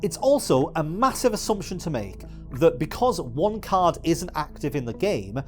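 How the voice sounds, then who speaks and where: A man's voice: a little high, very animated, moderate pace, soft background music. A man giving exasperated, swearing video essay commentary as a YouTuber.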